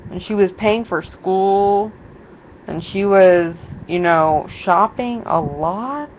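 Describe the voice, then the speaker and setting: In a slow, medium-pitched voice, a young vlogger meanders through a story, full of fillers and quoted voices. Her casual clip has dull, lo-fi audio with faint background noise.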